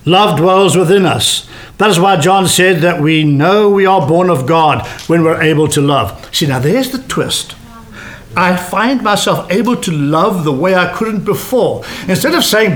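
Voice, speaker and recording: A man preaching a sermon to a congregation, with animated delivery that slows down for emphasis. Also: high-pitched. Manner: animated, varied delivery with slowed emphatic phrases. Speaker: pastor.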